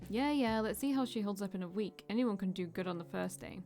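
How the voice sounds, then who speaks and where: A woman's voice: mid-range voice, brisk, a little mellow, faint music behind, natural voice. A woman voicing a cocky young man who brags and brushes others off. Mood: brash. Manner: brash and dismissive. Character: cocky young male speakeasy worker, a teasing boaster.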